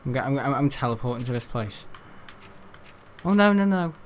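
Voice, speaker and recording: A man's voice: medium pitch, expressive, moderate pace. Chatty young man gaming. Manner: rambling, chatty and jokey, laughs at own jokes. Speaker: gaming channel host. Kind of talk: casual let's-play commentary.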